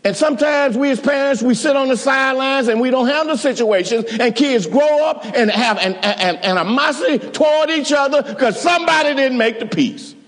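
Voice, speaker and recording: A man's voice: very high voice, a little fast, few pauses, fairly bright tone, big-room sound. A man preaching a sermon, emphatic and rousing, calling out to his congregation and often restarting his phrases. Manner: calls out to the congregation.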